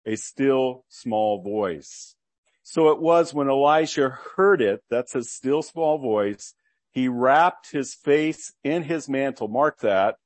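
A male preacher delivers a sermon at a medium pitch, reading scripture aloud and then unpacking it for his listeners. He teaches earnestly and keeps asking rhetorical questions. The sound is dry and close, with no room echo.

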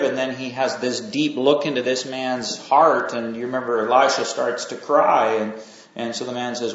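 Halting preacher in an echoey room. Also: male voice, medium pitch, steady tone, a bit bright. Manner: halting, many fillers and restarts, conversational. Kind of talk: informal Bible sermon. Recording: echoey room, dull lo-fi sound.

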